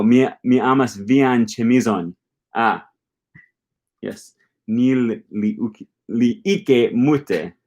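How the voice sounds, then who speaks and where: A young man from Wisconsin with a Midwest American accent, chatting casually on a live stream and reading out viewer questions, rambling with many ums and restarts. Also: fairly low pitch. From Wisconsin, USA. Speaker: language-learning channel host.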